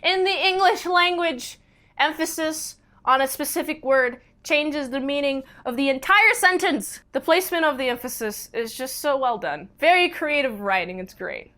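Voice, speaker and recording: High-voiced gushing woman reviewing comics. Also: a bit bright. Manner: gushing, rambling, lots of fillers and restarts. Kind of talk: casual enthusiastic review.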